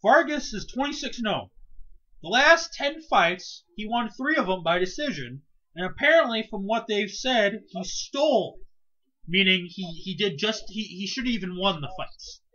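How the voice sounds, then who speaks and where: A man's voice: high-pitched, moderate pace, highs cut off. A man co-hosting a casual podcast, ranting with lots of swearing. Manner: profane, animated ranting. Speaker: co-host.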